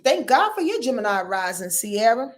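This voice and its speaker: A sleepy, chatty woman in her fifties hosts a casual astrology livestream while lying in her bed at home. Her voice sits a little high with big swings in pitch, and she talks at a moderate pace, addressing viewers directly in loose slang.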